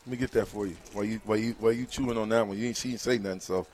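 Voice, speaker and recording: A man's voice: fairly low pitch, fairly even intonation, racing, darkish tone, slight background noise. A man hosting live on-location radio, bantering playfully and teasing the people around him. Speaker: radio host.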